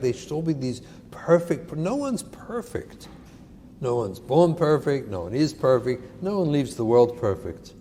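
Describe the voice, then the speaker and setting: Guy rabbi giving a lecture, voice swoops up and down, sits kinda high, echoey hall with faint noise. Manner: animated, emphatic, repeats key points.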